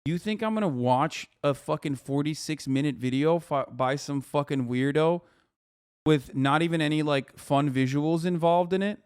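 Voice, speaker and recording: A man in his thirties giving casual live-stream commentary, blunt, mocking and profane, talking fast in bursts. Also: a little high, a little mellow, clean tone, dry recording, clean studio sound. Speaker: political streamer.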